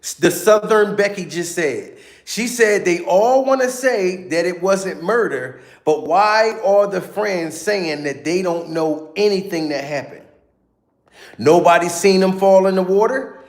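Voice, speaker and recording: Male commentary host, high voice, echoey room, keeps rallying the audience. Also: measured pace. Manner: repetitive, hyped, addressing viewers. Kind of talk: reaction commentary.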